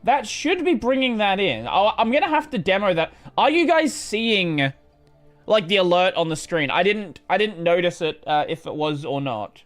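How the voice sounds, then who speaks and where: A man's voice: sits high, very animated, normal speed, a bit bright, soft background music. A man chatting casually while streaming a game, rambling and swearing as he plays. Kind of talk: casual gameplay livestream chat.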